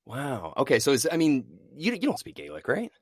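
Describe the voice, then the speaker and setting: A man's voice: medium pitch, huge pitch swings, brisk, no room sound, studio quality. A young man co-hosting a podcast in casual chat, enthusiastic and laughing often. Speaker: podcast co-host.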